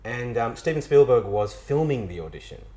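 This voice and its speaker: A man's voice: medium pitch, normal speed, low-quality recording. Australian man telling stories with self-mocking humor. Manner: animated storyteller, self-mocking, frequent restarts. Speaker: actor being interviewed. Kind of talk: casual interview chat.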